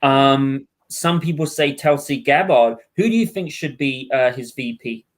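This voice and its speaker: A man from Wales hosting a podcast, friendly and a bit halting, often apologizing. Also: medium pitch. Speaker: podcast host. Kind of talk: casual political chat.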